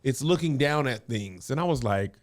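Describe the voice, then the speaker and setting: A man's voice: mid-range voice, expressive, moderate pace. Playful man hosting a casual chat. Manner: playful, riffing, mimics voices while telling stories. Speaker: podcast host.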